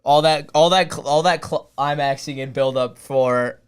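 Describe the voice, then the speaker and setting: A young man hosting a casual live stream. He rambles, answers his chat and sometimes breaks into loud hype cheering. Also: mid-range voice, steady tone, a little slow, clear, resonant tone. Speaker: streamer hosting a draft watch party.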